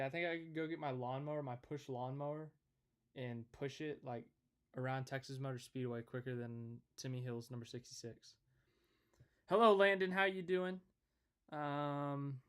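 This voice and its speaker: A man's voice: medium pitch, fairly bright tone. A young man hosting a live stream, chatting casually and rambling while he greets viewers and answers their comments.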